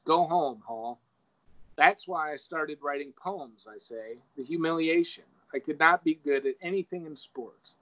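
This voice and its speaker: A man's voice: a little high, a bit bright. A man in casual chat, retelling an essay and reading quoted passages aloud. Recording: dull lo-fi recording.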